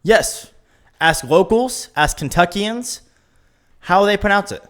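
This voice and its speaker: Animated ranting man, lively pitch. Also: slow pace. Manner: animated, ranting, laughs often. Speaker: podcast co-host. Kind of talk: casual chat.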